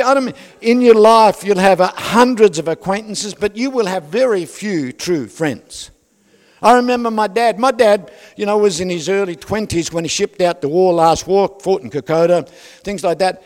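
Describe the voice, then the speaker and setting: A man's voice: sits high, in a large hall. An older man with an Australian accent, preaching a sermon full of personal stories, jokes and asides to the congregation. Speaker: pastor.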